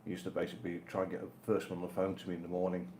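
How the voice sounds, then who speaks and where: Older man, low pitch, deadpan co-host, echoey home setup. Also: racing. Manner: dry, teasing banter. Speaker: co-host of live stream. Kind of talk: casual live stream chat. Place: home in Spain. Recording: roomy with faint noise.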